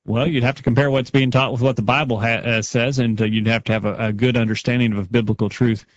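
A man's voice: mid-range voice, steady tone, quick pace, no echo, muffled recording. A man co-hosting a religious talk show, steadily reading listener feedback aloud and commenting on it. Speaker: radio show co-host.

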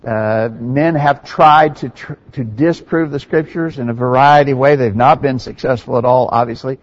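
A man's voice: mid-range voice, normal speed, lo-fi sound. A man preaching a sermon in an earnest, emphatic way, with conversational asides to the congregation.

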